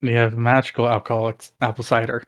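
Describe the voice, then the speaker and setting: A man casually playing a tabletop role-playing game, speaking in a relaxed, hesitant way. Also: medium pitch, fast, no echo, muffled recording. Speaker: player.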